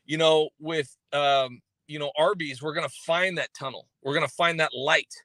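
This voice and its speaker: A man chatting on a casual livestream, his voice bright and a touch high, recorded close and dry. He rambles with many fillers and restarts, and his humor stays self-mocking and deadpan. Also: normal speed, dry recording. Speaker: livestream host reading chat. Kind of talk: casual live chat. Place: coffee shop.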